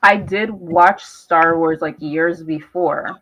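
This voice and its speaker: A woman's voice: fairly low pitch, fairly even intonation, takes it slowly, fairly bright tone. A Canadian-born woman on a live discussion panel, talking emphatically with lots of fillers and cutting in over others. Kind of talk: casual group discussion. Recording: dull lo-fi live stream audio.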